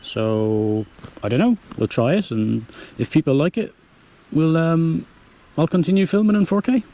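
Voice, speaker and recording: A man's voice: fairly high pitch, expressive, unhurried, mellow. A young man from Dublin with an Irish accent, casually answering viewer questions in an easygoing, rambling way and often correcting himself. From Ireland. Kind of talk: casual chat.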